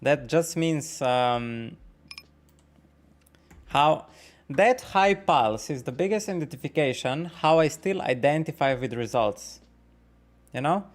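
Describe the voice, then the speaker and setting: A man streaming poker, thinking out loud about each hand, swearing often and questioning his own nerves as he talks to his chat. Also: on the high side, animated, slow pace, long pauses. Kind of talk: live-stream commentary while playing.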